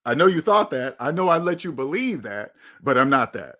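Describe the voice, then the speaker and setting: A man's voice: medium pitch, very animated, moderate pace, bright, forceful tone. A man, hosting his own channel and giving blunt, emphatic advice in a candid monologue, often repeating phrases for stress. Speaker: channel host.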